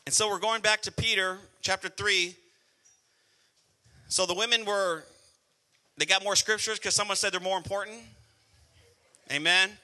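A middle-aged male pastor preaching a sermon, swinging between soft prayer and loud exhortation. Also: high voice, steady tone, moderate pace, pauses often. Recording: music playing behind the voice.

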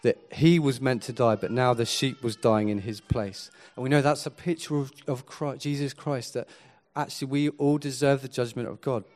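A man preaching a sermon, earnest and swinging from quiet to emphatic. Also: mid-range voice, steady tone, normal speed, hardly any pauses.

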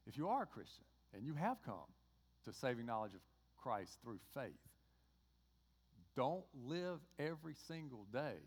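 A man with a Georgia accent preaching a sermon in a conversational way, acting out bits of dialogue. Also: mid-range voice. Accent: Southern US, Georgia. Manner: conversational preaching, acts out dialogue with lively voices. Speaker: pastor. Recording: long hall reverb.

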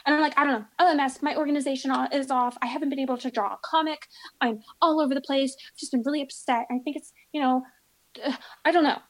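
A woman telling stories in casual podcast chat, animated and acting out the people in them. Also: high voice, quick pace, low-quality recording.

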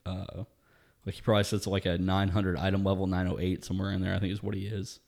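A laid-back man with a lowish voice, telling a story over casual chat, swearing freely and often laughing at his own tale. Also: flat delivery, fast talker, vocal fry, a little mellow.

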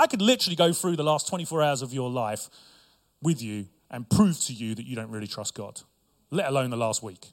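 A man's voice: mid-range voice, very animated, brisk. A middle-aged male pastor preaching a sermon with humor and asides to his congregation.

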